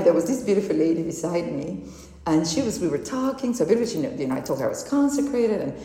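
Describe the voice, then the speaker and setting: Woman, consecrated speaker, low and mellow voice, animated storyteller, in a reverberant hall. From Mexico. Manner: animated storytelling, acts out dialogue, laughs often. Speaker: consecrated speaker giving a spiritual talk. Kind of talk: testimony and faith talk. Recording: echoey hall with long reverb.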